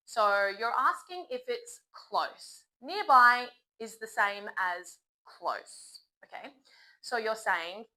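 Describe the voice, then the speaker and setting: An upbeat young woman leads a beginner English lesson, cheering her learners on. Her voice is bright and clear, sitting at an everyday middle pitch. She models each phrase slowly for students to repeat. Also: lively intonation, poor audio. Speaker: English teacher.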